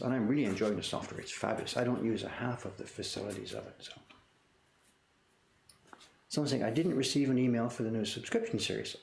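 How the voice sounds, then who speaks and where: A man's voice: mid-range voice, creaky, a little mellow. A man in his sixties running a print shop, chatting casually on a livestream and answering viewer questions. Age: 60s. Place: workshop. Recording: echoey room, faint noise.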